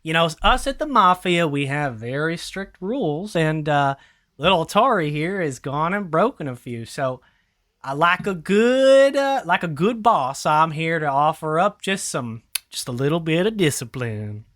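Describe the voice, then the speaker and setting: A game master voicing a smooth, menacing male mafia boss wizard with a suave, mock-polite manner in a tabletop game. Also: medium pitch, expressive, measured pace, fairly bright tone. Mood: smug.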